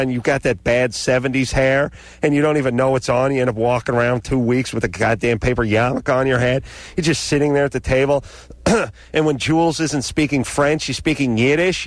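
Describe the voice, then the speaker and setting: A man's voice: mid-range voice, dry recording. Sarcastic man ranting on talk radio. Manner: sarcastic, ranting, animated delivery. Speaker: radio show co-host. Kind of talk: comic storytelling on talk radio. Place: radio studio.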